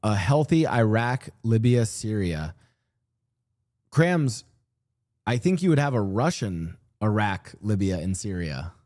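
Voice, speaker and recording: A man streaming and chatting casually about world politics, rambling and animated, often restarting his sentences and slipping into mock voices. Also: on the low side, slow. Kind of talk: casual livestream chat. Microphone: streaming desk mic.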